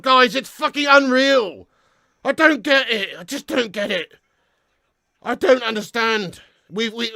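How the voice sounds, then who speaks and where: A young man in a furious, heavily sweary ranting reaction video, often shouting as he addresses his viewers. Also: very high voice, gravelly, no echo, studio quality. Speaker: fan reaction host.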